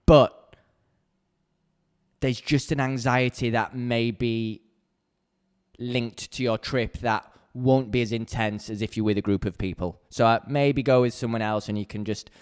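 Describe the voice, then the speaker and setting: A man's voice: medium pitch, fairly even intonation, a little slow, clean tone. A young man hosting a solo podcast, talking bluntly and candidly from a small home podcast corner. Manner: blunt, candid, heated when ranting. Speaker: podcast host.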